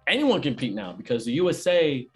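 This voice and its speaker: This man tells his story in lively, slang-heavy bursts, hyping up each turn. He is an event host and comedian chatting casually. Faint music plays quietly beneath him. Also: medium pitch. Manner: animated storyteller, fast slangy talk. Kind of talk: casual podcast chat.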